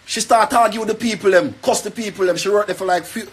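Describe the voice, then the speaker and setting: A man's voice: sits high, quick pace, slightly rough. A young man with a Jamaican accent, rambling and pleading in an emotional rant to the camera. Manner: pleading, rambling, repeats himself.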